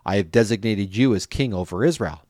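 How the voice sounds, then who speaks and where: A man reading a Bible passage aloud at a steady pace, with an occasional restart on a name or phrase. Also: on the low side, a little fast, dry recording, clean studio sound. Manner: steady reading, lifts voice for quoted speech. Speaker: scripture reader.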